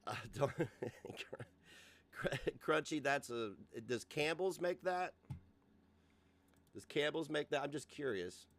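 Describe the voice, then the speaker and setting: A man's voice: fairly high pitch, lively intonation, slow, pauses often, a bit bright. A man in his forties hosting a casual livestream rant, profane and mocking, often laughing. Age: 40s. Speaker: host.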